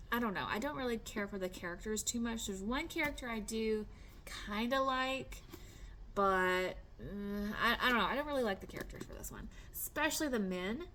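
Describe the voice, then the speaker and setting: A woman's voice: medium pitch, fairly bright tone, slight background noise. Chatty woman book vlogger. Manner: chatty, many ums and restarts, light laughs. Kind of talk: casual chat.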